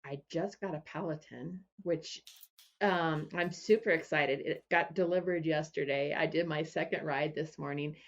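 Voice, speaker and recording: A woman business coach and podcast guest, telling stories in a relaxed way and often restarting her phrases. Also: sits low, normal speed, lo-fi sound. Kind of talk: casual interview chat.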